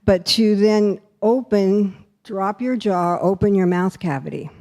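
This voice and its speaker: A woman's voice: medium pitch, unhurried, warm tone. A woman minister giving a demonstrative talk that guides a congregation through breathing. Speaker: spiritual center minister.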